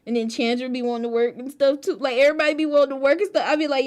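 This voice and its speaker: A woman streaming a game from home, chatting casually with her viewers in an animated, slangy way. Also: high voice, rapid-fire. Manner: animated, slangy, bursts into laughter.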